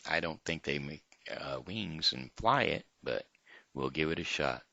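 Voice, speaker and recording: A man's voice: rumbling low, expressive, unhurried, vocal fry, pushed and bright, dry recording. A man hosting his own daily show, chatting in a rambling, hesitant way full of fillers and reading a children's story, with a dull lo-fi sound. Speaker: host of a daily home show. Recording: dull lo-fi, dry.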